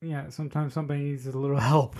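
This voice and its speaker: A man's voice: mid-range voice, flat delivery, fast, crowd noise. A man hosting a podcast, asking loose, rambling questions in a casual way. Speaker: podcast host. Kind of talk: casual interviewing.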